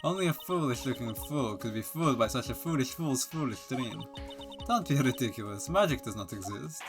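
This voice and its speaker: A man's voice: medium pitch, expressive, brisk, close to an everyday voice. A man voicing a haughty young female prosecutor who talks down with clipped insults, over game music. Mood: scornful.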